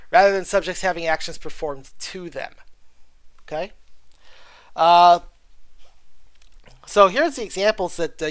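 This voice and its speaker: Lecturer with a mid-range voice on a dry, close mic. Keeps asking "okay?" and fills pauses with "uh". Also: mid-range voice, fairly bright tone, no room sound. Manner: frequent "okay?" check-ins and "uh" fillers; reads textbook passages aloud. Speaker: college writing instructor. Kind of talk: recorded video lecture.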